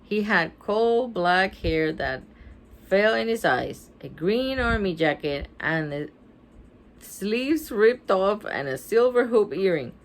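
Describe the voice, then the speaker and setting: A woman's voice: mid-range voice, expressive, takes it slowly, slight background noise. A woman reading a children's storybook aloud, breaking off with laughing asides. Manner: laughing asides between passages. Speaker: storybook reader.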